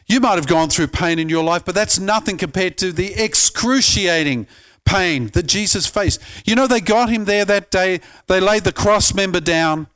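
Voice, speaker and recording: A pastor earnestly preaching a sermon, often climbing to emphatic peaks and stumbling over repeated words. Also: male voice, sits high, normal speed, a bit bright.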